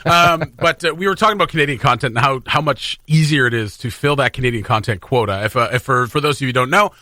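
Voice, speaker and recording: A man's voice: mid-range voice, fast, pushed and bright, dry recording. A man hosting a morning radio show in casual, upbeat banter, laughing often, on a studio mic. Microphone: studio microphone.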